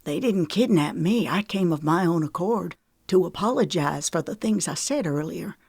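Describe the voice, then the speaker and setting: A woman reading the part of a gruff older man, a former soldier, in a hushed, grumbling way. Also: fairly low pitch, lively intonation, normal speed, no echo, clean studio sound, full character voice. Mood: hushed earnest.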